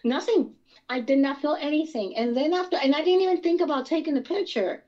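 A woman from Pennsylvania telling her own experiences in a casual interview, animated and rambling with many restarts. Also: high-pitched, fairly quick, lo-fi sound. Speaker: guest experiencer.

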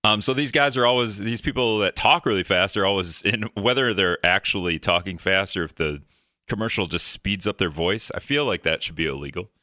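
A man's voice: low-pitched, fairly quick, bright, forceful tone, no echo, clean studio sound. A man hosting a call-in radio talk show, rambling in a joking way and acting out exasperated reactions.

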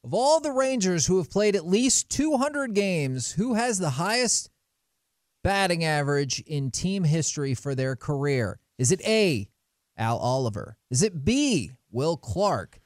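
A man's voice: on the high side, big pitch swings, a little slow, no room sound, studio quality. A man co-hosting sports radio, reading out a trivia quiz in a playful, teasing quiz-show manner. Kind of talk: casual radio banter and quizmaster.

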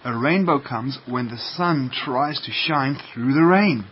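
A man's voice: mid-range voice, slow, close to an everyday voice. A man doing a stern, pompous father duck. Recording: muffled lo-fi radio, faint hiss.

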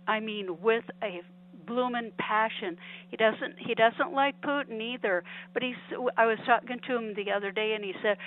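Chatty woman caller on a tinny phone line. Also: mid-range voice. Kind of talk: call-in conversation.

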